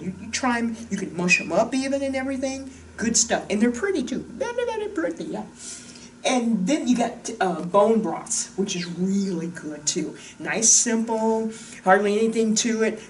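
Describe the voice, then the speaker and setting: Animated chatty woman wellness coach. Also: medium pitch, far from the mic, a little hiss or hum. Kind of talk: casual diet talk to camera. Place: room with a whiteboard.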